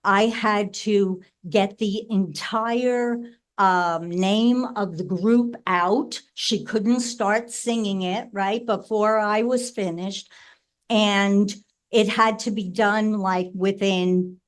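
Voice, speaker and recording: Slow, chatty woman sharing family memories. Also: medium pitch, fairly even intonation. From New Jersey. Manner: chatty, frequent "right?" tags, laughs while telling stories. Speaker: sibling speaking at a memorial. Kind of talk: memorial tribute, personal storytelling.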